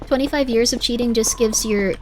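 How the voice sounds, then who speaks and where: A woman's voice: on the high side, a little fast, faint music behind. A young woman streaming a game, chatting casually and sympathetically with her chat. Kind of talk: casual gameplay commentary, reading chat.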